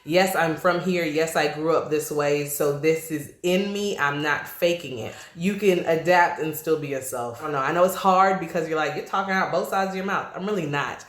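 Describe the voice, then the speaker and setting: A woman's voice: low-pitched, moderate pace, hardly any pauses. Chatty East Coast woman, roomy echo. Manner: chatty, animated, laughs often, slangy asides. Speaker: vlogger. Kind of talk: casual to-camera chat.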